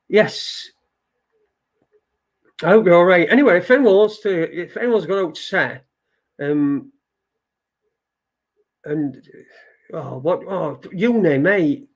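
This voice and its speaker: A man's voice: fairly high pitch, slow pace, long pauses. A man hosting a live stream in casual chat, reading viewer comments aloud, rambling and swearing and repeating himself. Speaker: livestream show host.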